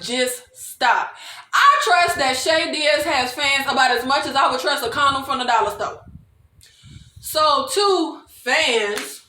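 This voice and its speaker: A young woman giving a comedic TV recap, animated and quick to laugh. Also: high-pitched, echoey room. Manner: animated, laughs often, mock-quotes characters in exaggerated voices. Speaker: TV recap vlogger.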